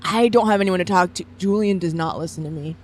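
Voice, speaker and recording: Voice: medium pitch, fast, lightly acted. A performer as a gossipy caged circus animal. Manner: chatty, gossipy and dramatic.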